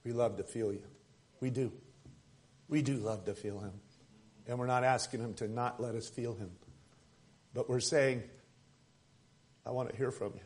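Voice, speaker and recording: A man preaching a sermon as pastor at a church service, swinging from loud emphatic lines to soft, hushed ones. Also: mid-range voice, fairly even intonation, moderate pace, long pauses.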